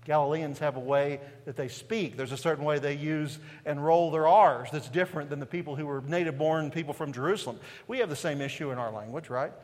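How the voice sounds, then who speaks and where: In a spacious church sanctuary, a male pastor with an East Tennessee, Southern Appalachian accent delivers a sermon at a fairly fast clip with almost no pauses. His voice is fairly high but somewhat dark in tone, and he keeps it conversational, often tossing out rhetorical questions and "right?"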